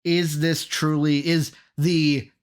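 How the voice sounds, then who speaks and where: A man co-hosting a sports podcast in casual chat, energetic, rattling off names and quizzing his co-host. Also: a little high, slow, clear, resonant tone.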